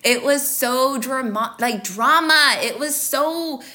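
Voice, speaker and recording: A woman in her thirties hosts her own podcast in a candid, confessional monologue. Her voice is bright and sits a little high, and she keeps turning to her listeners as "you guys" while fighting back emotion. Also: slow pace. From American Midwest. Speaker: podcast host.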